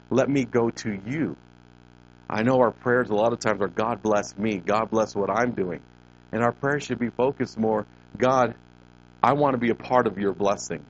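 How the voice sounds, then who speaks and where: Man preaching on a dull lo-fi recording. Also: medium pitch. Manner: preaching with emphatic rises and drawn-out words. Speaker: pastor. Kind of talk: sermon. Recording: dull lo-fi recording with faint noise.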